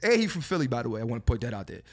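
A man hosting a podcast in a studio, talking in a loose, animated way with lots of swearing and filler phrases. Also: medium pitch, rapid-fire. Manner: animated, swearing, repeats "you know what I'm saying". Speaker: podcast host. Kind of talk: casual podcast chat.

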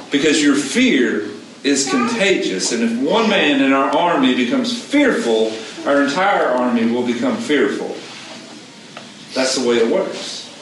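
A man preaching a conversational sermon, asking his listeners questions and repeating his key points in an animated way. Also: medium pitch, a little slow. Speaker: pastor. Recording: echoey room, distant mic, background noise.

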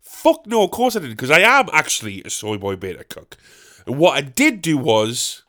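A man's voice: on the high side, wildly swooping pitch, normal speed, pushed and bright. A young man, telling a sweary, self-mocking comic story as a podcast host. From northeast England. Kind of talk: comedic storytelling monologue.

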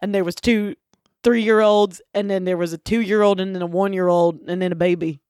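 Woman comedian in her fifties, deadpan, rambling, from kentucky, dry close sound. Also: medium pitch, normal speed, no room sound. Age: 50s. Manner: rambling, deadpan tall tales. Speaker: comedian guest. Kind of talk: deadpan comic interview banter.

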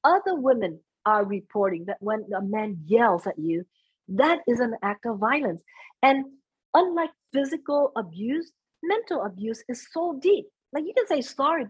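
A woman guesting on a casual podcast conversation, talking in a lively, earnest way with pitch that jumps up when she stresses a point. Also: moderate pace, slightly rough, no echo, low-quality recording. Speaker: guest, stage emcee.

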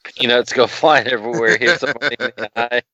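A man's voice: medium pitch, steady tone, quick pace, bright, forceful tone, dry recording, dull audio. A man co-hosting a podcast, joking, rambling and profane. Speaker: podcast co-host. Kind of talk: casual podcast chat.

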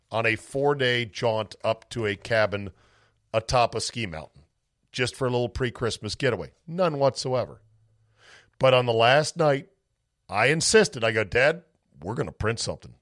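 A man's voice: mid-range voice, lively intonation, measured pace, a bit bright, dry recording. A man hosting a sports talk podcast, telling a rambling story in a casual monologue and acting out his family's voices. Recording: dry close-mic home office.

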